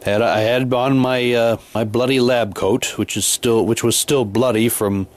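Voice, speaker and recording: A man's voice: steady tone, measured pace. A man casually recounting a haunted house night, rambling with many restarts and repeated words. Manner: drops to a quieter, lower voice for long stretches. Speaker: haunted house volunteer actor. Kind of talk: casual storytelling.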